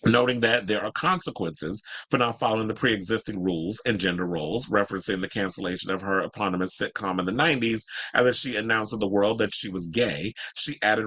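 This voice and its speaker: A man's voice: on the low side, fairly quick, hardly any pauses, bright, forceful tone, poor audio. A man hosting a celebrity news commentary, reading an article aloud and breaking off into chatty opinions, sometimes stumbling over names.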